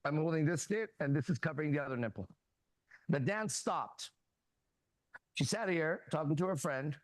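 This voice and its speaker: A man with a fairly high voice hosts a casual talk, giving blunt, profane advice to a younger guy. He slips into animated stories and acts out the dialogue. The sound is dry and close. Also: moderate pace, no room sound. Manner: animated anecdotes with quoted dialogue. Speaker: host.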